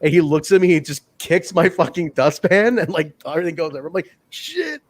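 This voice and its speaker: A man's voice: fairly high pitch, quick pace, no room sound. A man co-hosting a casual podcast chat, telling profane backstage stories and acting out quotes in funny voices. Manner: profane storyteller, acts out quotes. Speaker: podcast co-host.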